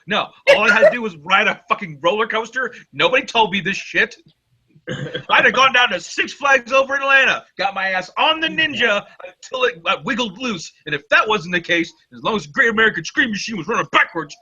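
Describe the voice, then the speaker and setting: Blunt, profane man in lively banter. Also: high-pitched, brisk, breathy edge. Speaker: co-host. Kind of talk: casual news chat. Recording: lo-fi recording.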